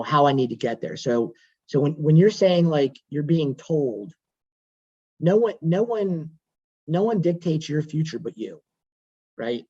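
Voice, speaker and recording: A man with a husky, slightly high voice talks through home loans on a video call. He is chatty and digressive and repeats his points. The audio is dull and lo-fi. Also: darkish tone. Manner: conversational, digressive, repeats himself. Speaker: mortgage lender. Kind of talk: workshop talk on a video call.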